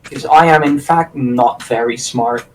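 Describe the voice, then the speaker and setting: A man chatting casually while playing a game with a friend, rambling with lots of fillers and quick self-deprecating laughs. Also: mid-range voice, distant mic, a little hiss or hum, poor audio. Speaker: gaming channel host. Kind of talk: casual co-op gameplay chat.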